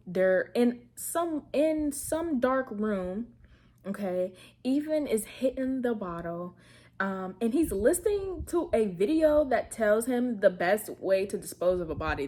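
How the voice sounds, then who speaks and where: A woman casually recapping a film plot, animated and slangy, often laughing as she tells it. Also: medium pitch. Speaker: film review vlogger.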